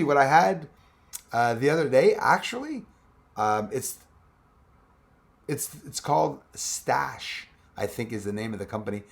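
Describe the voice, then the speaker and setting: A man's voice: fairly high pitch, vocal fry. A man hosting a live stream, chatting casually and rambling as he answers viewers' comments with frequent laughs.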